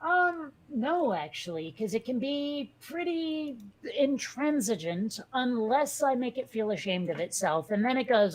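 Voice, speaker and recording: A podcast co-host from a Catholic Italian family chats casually, rambling with lots of fillers and restarts in a chatty, hesitant way. Her fairly high voice is sing-song, and she speaks at a measured pace with few pauses.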